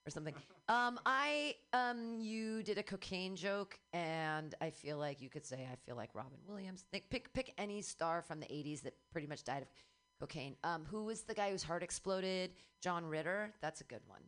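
A woman's voice: fairly low pitch, normal speed. Profane woman giving comedy notes. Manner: blunt and profane, animated. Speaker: comedy workshop host giving feedback. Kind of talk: casual notes on a comedy set.

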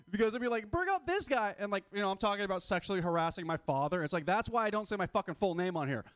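A man's voice: high voice, fast, smooth, no room sound, studio quality. A man in his twenties doing a stand-up comedy set, crude, rambling and self-mocking. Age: 20s. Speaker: stand-up comic.

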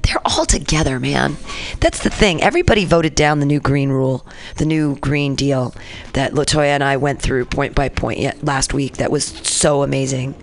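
On her radio show, a San Francisco-area woman talks back to the news in a casual, profane political rant. Her creaky voice rumbles low and moves at a moderate pace.

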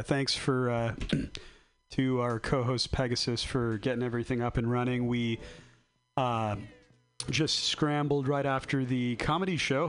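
A man hosting a casual podcast, rambling with filler words and joking about himself. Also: medium pitch. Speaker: podcast host. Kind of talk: casual chat.

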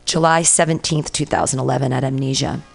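A woman's voice: a bass voice, fairly even intonation, quick pace, vocal fry. A woman hosting a casual chat show, telling loose, rambling stories and acting out the quotes. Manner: rambling storyteller, acts out quotes. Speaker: comedian and podcast host.

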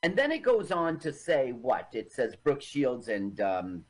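A man co-hosting a loose radio podcast in an offhand way. He talks slowly with a lively, swinging pitch and spells out search terms one step at a time. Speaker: podcast co-host and curator. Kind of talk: casual chat.

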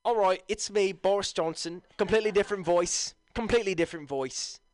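Rich: A man putting on a huffy, pompous caricature of a British gentleman in a fake British accent, prone to repeating himself. The voice sits high and the sound is close and dry, with no room around it. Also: a little fast, no room sound, lightly acted. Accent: put-on British. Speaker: radio co-host.

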